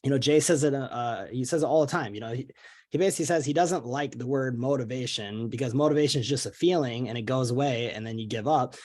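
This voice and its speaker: A young man leading a motivational team training call, talking in an earnest, energetic way with many fillers and restarts. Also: medium pitch, fast talker. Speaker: network marketing leader.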